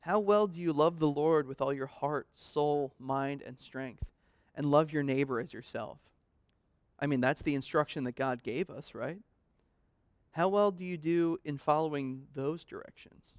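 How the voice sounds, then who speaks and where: A man's voice: on the high side, unhurried, smooth, no echo. Guy preaching a sermon, earnest and emphatic, asks lots of questions, dry close audio. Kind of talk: sermon with scripture reading.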